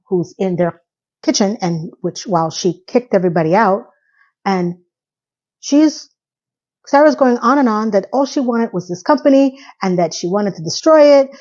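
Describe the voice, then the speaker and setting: A woman's voice: medium pitch, a little mellow, lo-fi sound. A woman casually recapping a TV episode in a chatty, sarcastic, incredulous way. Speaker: TV recap vlogger.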